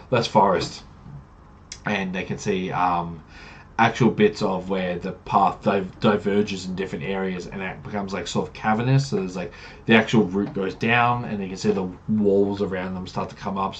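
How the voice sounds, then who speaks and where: Brief: casual game master recap, rambling with fillers, slightly low voice. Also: male voice, highs cut off, slight background noise. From Australia. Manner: rambling, many fillers and self-corrections. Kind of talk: casual campaign recap narration.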